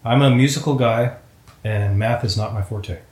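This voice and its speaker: A man's voice: on the low side, moderate pace, darkish tone, echoey room. Chatty man hosting a casual interview. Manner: affable, chatty, agreeable interjections. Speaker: interview host.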